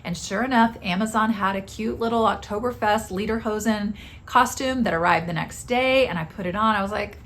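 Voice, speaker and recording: A woman's voice: mid-range voice, normal speed, a bit bright, slight background noise. Woman telling a candid personal story. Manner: candid and confessional. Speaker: podcast host.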